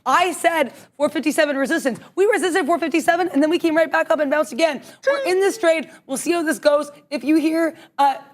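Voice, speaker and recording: A woman calling her trades on a live market stream, excitable and emphatic, half talking to herself. Her voice sits high, and the words tumble out at a rapid clip. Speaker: day trader co-host. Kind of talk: live trading stream commentary.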